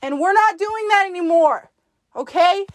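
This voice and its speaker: A woman hosting a podcast, talking to herself in the second person in a blunt, profane, forceful pep talk. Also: very high voice, unhurried, no echo. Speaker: podcast host. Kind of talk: self-directed pep talk monologue.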